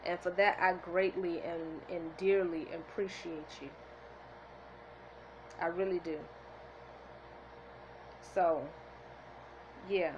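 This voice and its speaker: A woman speaks to her audience through a camera in her hand, earnest and tearfully happy in an emotional, motivational vlog. Her low, steady voice goes slowly with frequent pauses, over dull audio and background noise.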